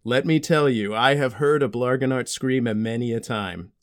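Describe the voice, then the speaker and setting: A man's voice: mid-range voice, normal speed, natural voice. A man voicing a friendly, goofy young male dragon in playful role-play with a child, cheery and giggly. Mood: jolly. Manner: cheery, giggly, rambling about made-up snacks.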